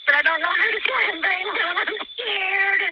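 A woman's voice: very high voice, measured pace, dry recording. A panicked woman in her forties on an emergency call, pleading for help and repeating herself, close to tears. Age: 40s. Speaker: emergency caller. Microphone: phone. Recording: dull phone line, dry.

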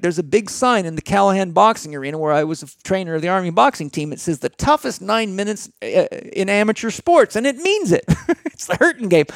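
Blunt middle-aged man, high gravelly voice. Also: no echo, clean studio sound. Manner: emphatic, blunt, lecturing. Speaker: guest. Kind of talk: motivational talk.

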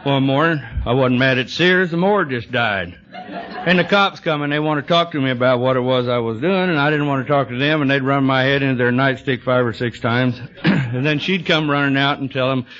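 A man's voice: medium pitch, fairly quick, a bit bright. A man, telling humorous stories to a meeting audience in a dry, drawling way, often adding "you know.". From Texas. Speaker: recovery speaker. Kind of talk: storytelling talk to an audience. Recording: dull lo-fi 1980s tape recording.

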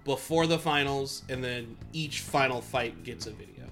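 A man co-hosting a podcast in casual chat, animated and laughing often as he quotes lines. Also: mid-range voice, moderate pace, faint music behind. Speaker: podcast co-host.

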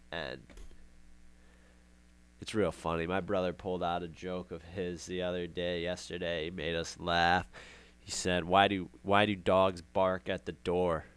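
Smooth low-voiced man rambling sarcastically. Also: a bit bright. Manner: rambling, sarcastic, repeats himself for effect. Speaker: podcast host. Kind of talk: casual monologue.

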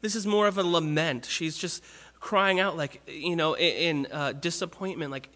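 A man's voice: a little high, fairly even intonation, normal speed, sharp tone, big-room sound. A man preaching a sermon in an earnest, conversational way, often restarting phrases.

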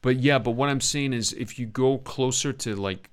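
A British man, an acting coach, critiquing a student's scene with animated, emphatic talk and acted-out examples. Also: mid-range voice, moderate pace, clean tone. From Britain. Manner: animated, emphatic, demonstrates lines.

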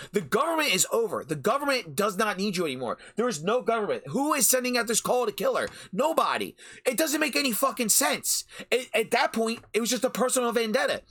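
A man's voice: high-pitched, sharp tone, husky. Fired-up, profane man ranting. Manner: profane, heated, repeats phrases for emphasis. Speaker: podcast host. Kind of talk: anime review rant. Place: home recording during a storm.

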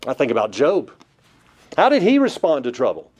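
A man's voice: medium pitch, huge pitch swings, moderate pace, a little mellow, breathy edge. A man preaching a Bible-study sermon, emphatic, with rhetorical questions put to listeners. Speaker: pastor.

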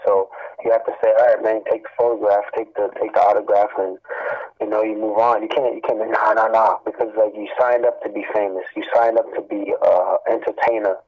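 A man speaking in a low voice in an easygoing, slangy way, a rapper being interviewed. The sound comes over a thin, tinny line, like a phone call. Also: fairly quick. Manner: relaxed, slangy, says "man" a lot. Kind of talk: casual interview talk.

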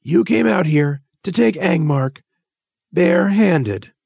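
A man's voice: high voice, lively intonation, slow, vocal fry, darkish tone, slightly rough, dry recording, studio quality, pitched above the performer's own voice, exaggerated voice. A man voicing a testy, evasive male spaceport official in a read-aloud story, with an offhand manner. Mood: dismissive.

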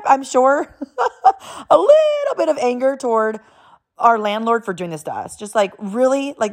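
A woman in her thirties telling a personal story in a loud, animated way, with lots of fillers and repetition. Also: mid-range voice. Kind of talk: casual storytelling.

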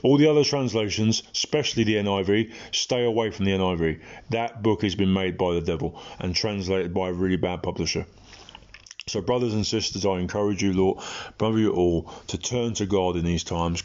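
Blunt low-voiced British preacher. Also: male voice, a little mellow, dull audio. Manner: impassioned, blunt, conversational with frequent ums. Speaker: Christian preacher. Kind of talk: informal online sermon.

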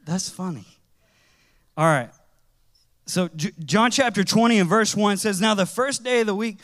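A man preaching a sermon in a conversational, animated way, with casual slang as he tells stories. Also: high voice.

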